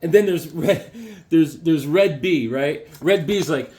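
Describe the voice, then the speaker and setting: A man with a slightly high voice rambles eagerly through a show-and-tell of his comic books. He trips over his words and restarts often, then bursts into excitement. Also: slow. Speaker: comic book collector reviewing issues. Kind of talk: casual show-and-tell vlog.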